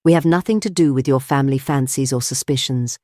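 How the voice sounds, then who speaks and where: A man's voice: mid-range voice, fairly quick, dark tone, no echo, clean studio sound, close to an everyday voice. A man voicing a stern police inspector who speaks sharply and with authority.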